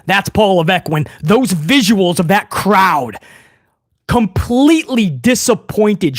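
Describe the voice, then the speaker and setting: A high-voiced man talks through a wrestling show recap, his pitch swinging up and down as he gets worked up. He is sarcastic, swears casually and trips over restarts, close on a dry microphone. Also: no room sound. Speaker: wrestling commentary vlogger.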